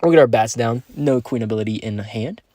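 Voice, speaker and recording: This young man's warm, mid-range voice runs a little fast as he comments on his mobile game stream and reads chat. His tone is easygoing, upbeat and slangy, and there's no echo.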